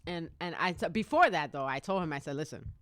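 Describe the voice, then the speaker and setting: A woman's voice: on the low side, animated, fast, a bit bright, no echo, studio quality. Laughing, profane woman telling a story. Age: 30s. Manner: laughs often, swears freely, acts out other people's lines. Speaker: podcast host. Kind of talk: casual anecdote telling.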